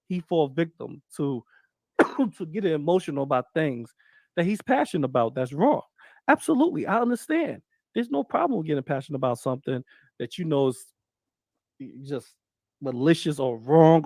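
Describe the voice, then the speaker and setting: A man with a slightly high voice talks on a live commentary panel, animated and quick to swear. He often acts out other people's words. The sound is dry and close. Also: dry recording. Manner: animated, profane, acts out quotes. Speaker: panel co-host. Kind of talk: casual commentary chat.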